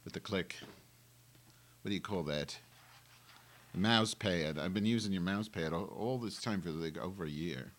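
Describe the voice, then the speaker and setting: A man with a somewhat low voice rambles through a live home webcam show on a wireless mic. His talk is erratic and profane, with sudden loud bursts between stretches of muttering. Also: moderate pace, long pauses. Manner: profane, erratic, abrupt outbursts. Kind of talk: rambling live-stream monologue. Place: home, moving into the kitchen.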